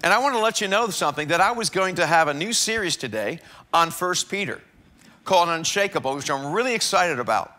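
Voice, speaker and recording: A man's voice: fairly high pitch, lively intonation, a little fast, pushed and bright. A man preaching a sermon as pastor in a church, talking in a conversational way and often repeating words as he builds a point. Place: church sanctuary.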